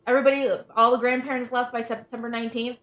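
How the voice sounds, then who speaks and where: A woman's voice: on the high side, flat delivery, very fast, a bit bright. Frustrated, rambling woman in a roomy echo. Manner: venting, frustrated, rambling with restarts. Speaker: livestream host, parent. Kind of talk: casual chat. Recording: roomy echo, faint music behind.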